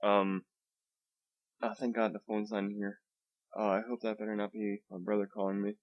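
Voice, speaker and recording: A man's voice: lowish voice, little pitch movement, moderate pace, lo-fi sound. A young man hosting a solo podcast from home, rambling casually with lots of swearing, fillers and restarts, keeping his voice down. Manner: holds back his volume. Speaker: podcast host. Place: home room.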